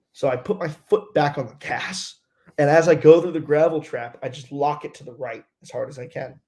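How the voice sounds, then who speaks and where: A man's voice: on the high side, a little mellow. A man, a race car driver, telling a story in a casual interview, acting out radio exchanges and swearing freely.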